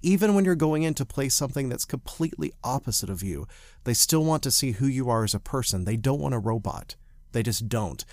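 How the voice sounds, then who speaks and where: A man from the Southern United States co-hosting a podcast, an actor telling animated, self-deprecating stories and giving advice. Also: mid-range voice, brisk, no echo, clean studio sound. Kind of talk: casual chat with advice.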